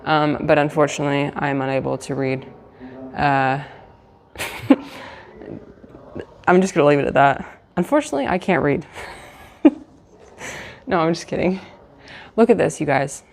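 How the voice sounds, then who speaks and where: Deep, gravelly, and a little slow, this woman's voice comes with long pauses and slight background noise. She's from the United States, livestreaming casually from a hotel room, trying to stay quiet while rambling through fillers and restarts.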